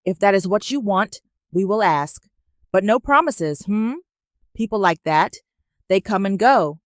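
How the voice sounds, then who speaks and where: A woman voicing a poised, wealthy older mother who speaks softly and quietly condescends. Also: medium pitch, expressive, measured pace, no echo, studio quality, natural voice. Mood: gently dismissive. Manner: soft, honeyed and quietly condescending.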